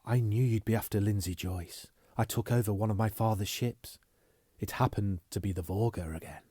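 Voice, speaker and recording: A man voicing a cool, guarded young heiress in an audiobook reading, speaking softly and sometimes in a hush. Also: on the low side, moderate pace, slightly rough, dry recording, clean studio sound.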